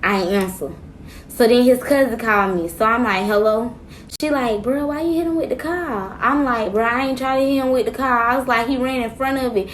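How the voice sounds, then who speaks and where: A woman tells a personal story straight to the camera. Her voice sits a little high, and she acts out each quoted line with lively shifts. A faint hiss of noise sits under the recording. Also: brisk. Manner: animated, acts out quotes, slangy. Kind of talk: casual storytime monologue.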